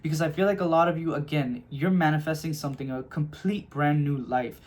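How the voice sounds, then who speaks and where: A man with a fairly quick, somewhat mellow, high-leaning voice and fairly even intonation reads tarot casually on camera. Affectionate and reassuring, he chats away, calls his audience "my loves" and often asks "okay?"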